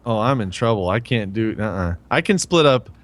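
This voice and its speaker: A man's voice: lowish voice, expressive, normal speed. A man appearing as a guest on a casual tech podcast, reacting easily and laughing often.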